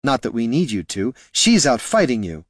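A man voicing a blunt, violent, hard-drinking woman ranger with a sharp, scolding manner in an audiobook. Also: medium pitch, huge pitch swings, normal speed, no room sound, voice pushed up. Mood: scornful.

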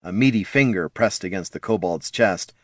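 A man narrating an audiobook in an expressive storytelling manner. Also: sits low, moderate pace, husky, no room sound, studio quality.

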